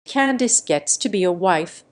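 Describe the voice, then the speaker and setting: A woman's voice: mid-range voice, measured pace, natural voice. A woman reading as a cold, scheming father. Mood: offhand. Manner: calm, flat, menacing. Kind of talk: narrated storytime reading.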